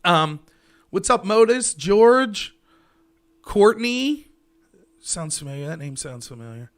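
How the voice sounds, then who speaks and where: A man's voice: on the high side, big pitch swings, moderate pace, a bit bright. Man, thirties, Pittsburgh accent, livestream host, casual rambling chat, headset mic, slightly raised voice. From Pennsylvania, USA. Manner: rambling, loose, chuckling often. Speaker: livestream talk show host. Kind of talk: casual solo chat with viewers.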